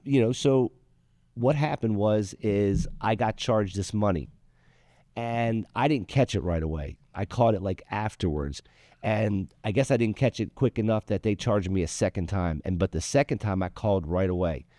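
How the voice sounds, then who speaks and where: A man's voice: fairly low pitch, normal speed, warm tone, no room sound, clean studio sound. A man hosting a talk show, telling a heated, profane story in casual chat. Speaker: show host.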